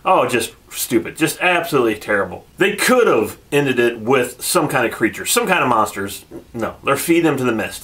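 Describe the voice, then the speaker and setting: A man's voice: medium pitch, fairly bright tone. A man hosting a casual video review, sarcastic and laughing often as he retells scenes. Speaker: channel host reviewing a TV episode.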